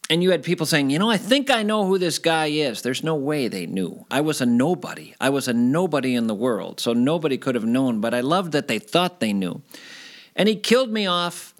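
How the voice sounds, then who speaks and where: A middle-aged man from Minnesota telling stories from his past in a casual interview, animated and climbing high when he gets excited. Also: brisk. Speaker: guest storyteller.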